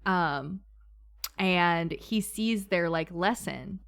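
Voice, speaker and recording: A woman's voice: on the low side, very slow, gravelly, a bit bright. A woman chatting casually about a book with friends, gushing and swearing freely, with lots of fillers. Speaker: book club member. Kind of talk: casual chat.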